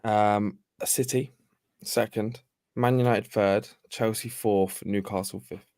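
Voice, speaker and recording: Low-voiced man, dry close sound. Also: steady tone, slow, darkish tone, no echo. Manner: hesitant, thinks aloud with many ums. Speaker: podcast guest. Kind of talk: casual football podcast chat.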